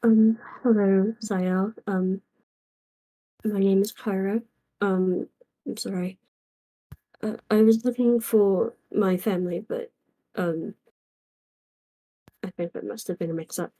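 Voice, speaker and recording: A woman speaks in character at a tabletop game, hesitant and apologetic, with lots of ums. Her voice is mellow and warm. She sounds unsure and keeps pausing. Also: medium pitch, fairly even intonation, poor audio. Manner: hesitant, apologetic, many fillers. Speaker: player voicing a tiefling character. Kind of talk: in-character tabletop role-play.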